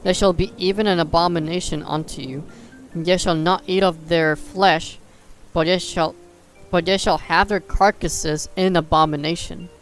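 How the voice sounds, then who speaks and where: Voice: medium pitch, steady tone, moderate pace, fairly bright tone, soft background music. Streamer stumbling through scripture aloud. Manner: stumbles and restarts over archaic words; breaks off into joking asides. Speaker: livestreamer.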